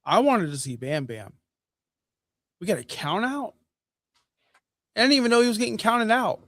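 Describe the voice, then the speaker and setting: Male podcast co-host, fired-up and blunt, higher pitch, dry close sound. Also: moderate pace, no echo. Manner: excitable, frank, worked-up opinions. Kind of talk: casual sports chat.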